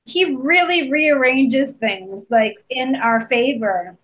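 A woman's voice: sits high, takes it slowly, a bit bright, slight background noise, rough recording. A woman hosting a faith podcast, chatting casually, laughing often and affirming with amens. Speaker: podcast host.

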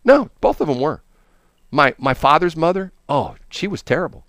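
Male radio host, lively swooping delivery, loose rambling storyteller, dry close sound. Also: fairly high pitch, moderate pace, no echo. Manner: rambling, enthusiastic storytelling with many restarts. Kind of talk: casual chat.

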